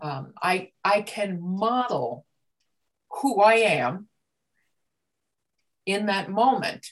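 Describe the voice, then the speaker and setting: A woman facilitating a coaching group discussion, speaking in a measured, reflective way. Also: mid-range voice, very animated, low-quality recording.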